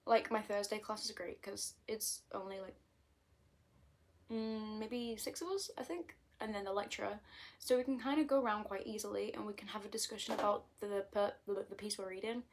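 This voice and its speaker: A woman's voice: mid-range voice, fairly even intonation, moderate pace, a little hiss or hum. A woman in her twenties with a British accent, chatting casually and self-mockingly to camera from her bedroom, hopping between topics. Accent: British English. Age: 20s. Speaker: vlogger.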